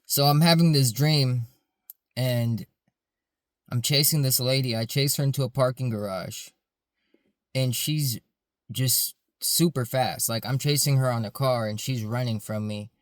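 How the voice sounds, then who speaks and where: A man's voice: mid-range voice, a little slow, no room sound, clean studio sound. A man, a security supervisor, earnestly telling a story in a casual, rambling way, full of fillers.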